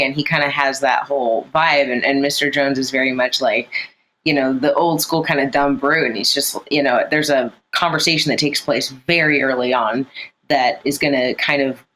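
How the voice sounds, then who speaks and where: Co-writer voice, mid pitch, animated scene retelling, faint background hiss. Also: moderate pace, rough recording. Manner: animated storyteller, acts out dialogue. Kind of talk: casual conversation about a film script.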